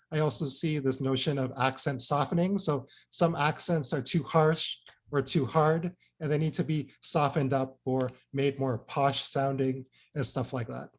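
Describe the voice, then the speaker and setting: Man lecturing with loose filler-heavy talk. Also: on the high side. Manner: conversational, frequent fillers and "right?" tag questions. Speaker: invited speaker. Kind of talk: academic lecture.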